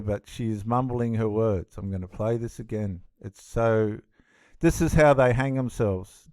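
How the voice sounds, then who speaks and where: A man's voice: medium pitch, warm tone, clear, resonant tone, no echo. Aussie guy fired up commenting on a clip, dry close sound, keeps repeating himself. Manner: indignant, emphatic, repeats himself. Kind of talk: reaction commentary.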